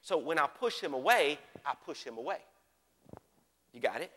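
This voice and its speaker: A man preaching a sermon with animated delivery, swinging from hushed asides to shouts and often checking in with his listeners. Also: on the high side, moderate pace, long reverb tail. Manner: animated, repeatedly checks in with the audience.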